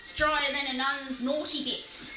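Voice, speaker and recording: An Australian woman chatting casually on a live stream while painting a model, excitable and swearing freely. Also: high-pitched, measured pace, echoey room, soft background music, poor audio.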